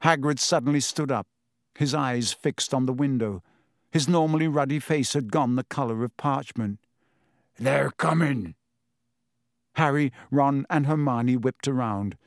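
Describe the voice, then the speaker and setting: A man narrates an audiobook in a measured, steady storytelling manner. His voice is mid-range, and this scripted narration is recorded dry with studio quality.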